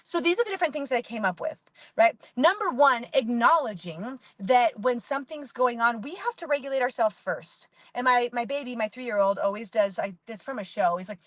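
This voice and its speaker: A woman's voice: fairly high pitch, animated, a little fast, a bit bright, no room sound. A woman in her forties talking candidly about parenting in a casual, rambling monologue, full of "like". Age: 40s. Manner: rambling and candid, heavy use of "like". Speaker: parenting vlogger.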